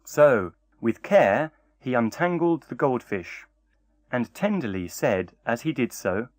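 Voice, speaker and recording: A man narrating a fairy tale in a measured, expressive reading style. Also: mid-range voice, no room sound. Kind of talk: storybook narration.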